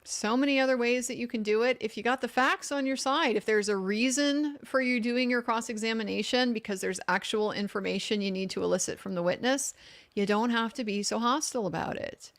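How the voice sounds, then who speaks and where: Her voice is fairly high-pitched and a little fast. A middle-aged woman, she runs a live legal commentary stream, casually reading viewer comments and offering blunt opinions with frequent restarts.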